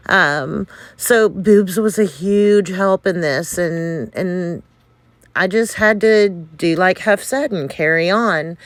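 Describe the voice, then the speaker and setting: A woman's voice: medium pitch, slow pace, dry recording. A woman telling a casual, rambling story with many fillers, laughs and candid swearing, a little out of breath. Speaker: game community member recounting events.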